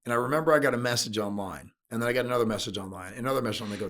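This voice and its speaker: A man's voice: mid-range voice, rapid-fire, a bit bright. Blunt, emotional middle-aged man telling stories. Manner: blunt, emotional, swears casually. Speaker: guest, sales and leadership speaker. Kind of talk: candid storytelling interview.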